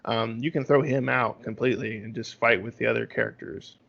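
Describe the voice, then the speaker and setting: A man's voice: mid-range voice, steady tone, a little fast, creaky, a bit bright, slightly rough. Man explaining game tips on a podcast. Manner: explanatory, rambling with fillers. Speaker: podcast co-host. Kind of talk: casual game review chat. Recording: slightly dull lo-fi audio.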